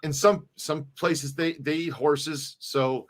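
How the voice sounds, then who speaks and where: This middle-aged man co-hosts a casual live-stream chat in a fairly high, fairly even voice, speaking slowly. He rambles, often restarting sentences and repeating words.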